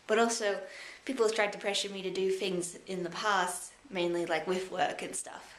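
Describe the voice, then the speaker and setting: A woman's voice: medium pitch, fairly even intonation. Young woman, Australian accent, reflective rambling vlog, roomy echo, faint hiss behind. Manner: rambling, reflective, halting with many fillers. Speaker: vlogger. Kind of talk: rambling personal time-capsule vlog. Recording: echoey room with faint background noise.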